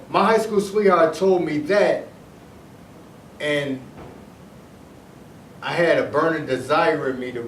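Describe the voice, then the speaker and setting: A man's voice: a little high, recorded from a distance. A middle-aged man from Detroit telling a personal story in a casual, rambling way, often repeating himself and restarting his sentences. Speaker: storyteller recounting his past. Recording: echoey room, voice heard from off the mic, faint noise.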